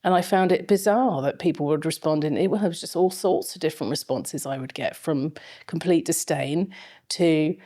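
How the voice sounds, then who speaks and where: A middle-aged woman with a low, mellow voice speaks as an interview guest. She tells long, meandering anecdotes and fills them with frequent ums and restarts. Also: normal speed. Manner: rambling anecdotal storytelling with frequent fillers. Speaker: fashion film lecturer, guest. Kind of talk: casual interview chat.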